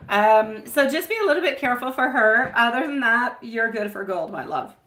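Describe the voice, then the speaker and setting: A woman in her thirties reads tarot live for her viewers, with a bright, clear tone. She talks in a chatty, meandering way, greeting people by name and calling them sweetie and my love. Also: a little high, lively intonation, normal speed, a little hiss or hum. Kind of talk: live-stream tarot reading.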